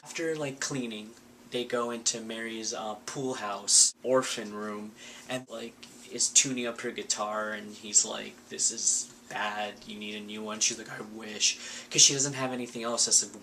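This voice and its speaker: A man's voice: on the low side, fairly even intonation, moderate pace, pushed and bright, a little hiss or hum. A man giving a casual, sarcastic recap of a movie, full of filler words. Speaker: vlogger.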